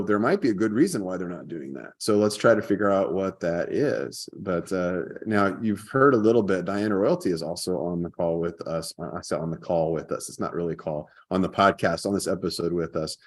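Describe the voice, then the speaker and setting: A podcast host chats casually, telling stories and acting out quoted lines with energy. His voice is low and he speaks fairly quickly with few pauses.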